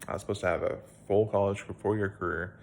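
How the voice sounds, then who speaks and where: A man's voice: fairly low pitch, fairly even intonation, fast talker, creaky, slight background noise. A young man, a video blogger, casually retelling a Bible story at home in a plain-spoken, rambling way with fillers.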